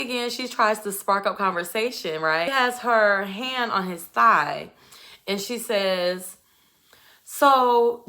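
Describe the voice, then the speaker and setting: A woman's voice: medium pitch, pushed and bright. A woman giving a casual, chatty recap of a reality show, telling it expressively with lots of asides. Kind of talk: casual commentary.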